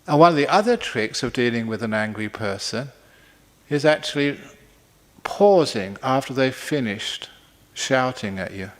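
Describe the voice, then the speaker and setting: A man, a monk, giving a playful public talk to an audience, deliberately shifting his pitch and speed as he goes. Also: expressive. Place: large conference hall. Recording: long hall reverb.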